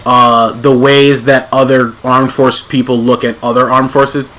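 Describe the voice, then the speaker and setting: A mid-pitched man chatting loosely while playing a game, piling up fillers and restarting his sentences. Faint noise sits under his voice on a home mic. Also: flat delivery, a little slow, fairly bright tone. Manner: rambling, full of fillers and restarts. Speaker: let's play host. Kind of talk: casual gaming chat.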